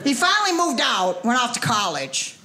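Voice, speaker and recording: A woman's voice: fairly high pitch, sing-song, moderate pace, background noise. An older woman performing a stand-up comedy set, chatting with the audience and teasing them. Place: comedy club stage before a live audience.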